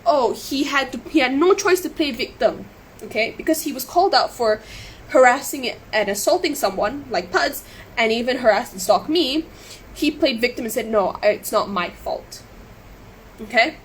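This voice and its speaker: A woman's voice: high-pitched, expressive, moderate pace, a little hiss or hum, poor audio. An upset, emotional woman recounting events on a live stream, rambling and restarting her sentences. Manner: rambling, repeats and restarts herself. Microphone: webcam or phone on a live stream.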